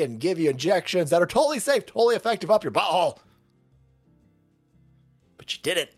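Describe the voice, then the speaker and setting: A man's voice: fairly high pitch, animated, fairly quick, soft background music. A man with a sarcastic, mocking, profane delivery, hosting a ranting commentary show. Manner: sarcastic, mocking, puts on voices of opponents. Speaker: political commentary host.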